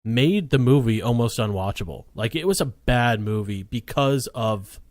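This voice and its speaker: A man's voice: medium pitch, expressive, normal speed, a little mellow, dry recording. Blunt, opinionated male podcast co-host. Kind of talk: casual movie chat.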